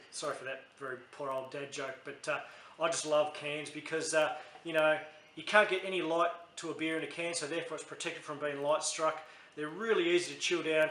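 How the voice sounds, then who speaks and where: A man's voice: a little high, sharp tone, slight background noise. Chatty Australian man in a roomy space. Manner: chatty and rambling, with frequent self-corrections. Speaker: beer reviewer. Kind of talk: casual beer review vlog.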